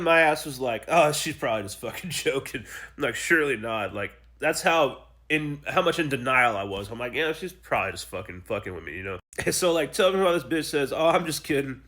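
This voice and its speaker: A man's voice: mid-range voice, bright, forceful tone. A young adult man casually telling his own story in a blunt, profane, emotional way, acting out the people he quotes.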